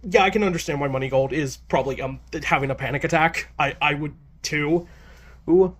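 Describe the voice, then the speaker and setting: A man's voice: fairly high pitch, fairly quick. Nervous, stammering man reviewing manga. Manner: nervous, stammering with many restarts; chatty and amused, laughing often. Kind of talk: casual chapter review.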